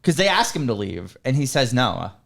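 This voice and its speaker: A man's voice: mid-range voice, moderate pace, creaky. A man co-hosting a podcast, chatting casually about a film and joking around. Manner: animated, joking, laughs often. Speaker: podcast co-host. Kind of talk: casual film review chat.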